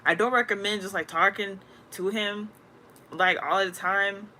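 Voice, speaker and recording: Casual woman spiritual vlogger, slangy, rambling storyteller, mid pitch, faint hiss. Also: steady tone, measured pace, bright, forceful tone. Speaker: spiritual content creator.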